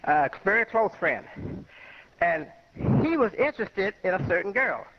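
A man's voice: high voice, very animated, unhurried. An older man from Chicago, an imam, giving a rambling, conversational lecture full of personal anecdotes. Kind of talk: informal spoken lecture. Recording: muffled lo-fi radio recording.

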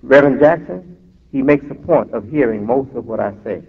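A man preaching a sermon as an imam, emphatic and drawn-out, breaking off for asides, heard through a tinny recording in a reverberant hall. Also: mid-range voice, lively intonation, gravelly, breathy edge.

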